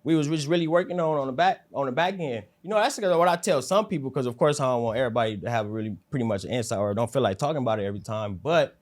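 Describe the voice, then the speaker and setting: A rapper from South Central Los Angeles chats casually as an interview guest, laid-back and speaking low and calm, at times nearly whispering. His talk is loose and unhurried, full of slang and easy fillers.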